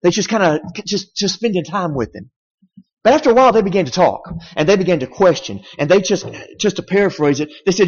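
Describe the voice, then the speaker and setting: A man's voice: sits high, expressive, brisk, a little mellow. A man preaching a sermon in an emphatic, conversational way, often asking the congregation rhetorical questions. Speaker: pastor. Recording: dull sound in a reverberant hall.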